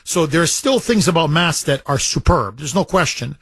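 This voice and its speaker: A man's voice: on the high side, animated, normal speed, a bit bright, husky, dry recording. A man hosting a talk radio call-in show, chatty and repeating phrases for emphasis.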